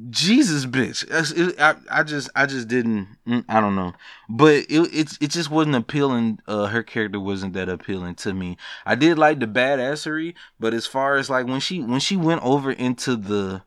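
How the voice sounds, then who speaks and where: A man hosting a solo podcast, talking in a blunt, profane, animated way and laughing between rants. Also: medium pitch, normal speed, no room sound, clean studio sound. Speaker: podcast host. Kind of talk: casual solo podcast rant.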